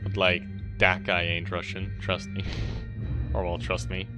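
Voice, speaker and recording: A man's voice: deep voice, completely flat delivery, measured pace. A man streaming a video game, thinking aloud in a hesitant, self-correcting way as he works through a puzzle. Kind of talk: casual gameplay commentary. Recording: game music playing behind. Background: game music.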